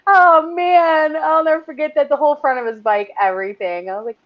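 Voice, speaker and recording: A middle-aged woman from the area, telling a wild story in a loud, animated, swearing way with lots of laughing. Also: high voice, brisk. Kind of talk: casual storytelling. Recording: dull lo-fi sound.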